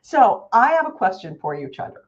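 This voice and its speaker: Lively woman chatting on a lo-fi stream. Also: medium pitch, brisk. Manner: animated, swearing storyteller. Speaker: podcast co-host. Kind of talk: casual chat.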